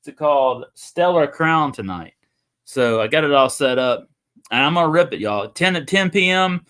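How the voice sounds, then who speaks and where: A man's voice: a little high, expressive, moderate pace, fairly bright tone, clear, resonant tone. A young man, hosting a casual livestream and rambling to viewers. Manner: rambling, chatty, talks to viewers. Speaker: livestream host.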